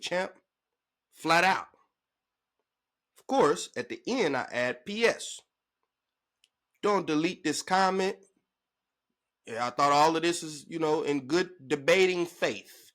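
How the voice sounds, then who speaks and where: A man ranting to camera in a sports vlog, emphatic and slangy, his pitch jumping up when he gets worked up. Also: expressive, measured pace, fairly bright tone. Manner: emphatic, slangy, calling the listener "bruh" and "big dog". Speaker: sports vlogger.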